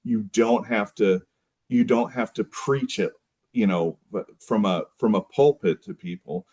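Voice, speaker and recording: A man who is a guest on a podcast, talking thoughtfully with frequent pauses and restarts. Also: lowish voice, dark tone, breathy edge. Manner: thoughtful, hesitant, many fillers and restarts. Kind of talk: casual conversation.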